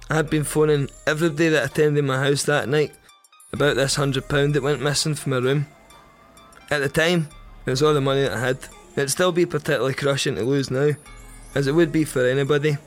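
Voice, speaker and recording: A young Scottish man telling a crude first-person comic story in a wry, deadpan way. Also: fairly high pitch, brisk, soft background music. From Scotland. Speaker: podcast storyteller.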